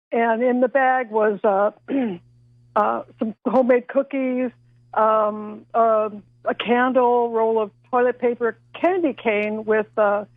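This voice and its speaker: Excited woman caller on a phone line. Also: fairly high pitch, no room sound. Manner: excited, talkative, apologetic. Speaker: radio show caller. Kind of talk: phone-in call.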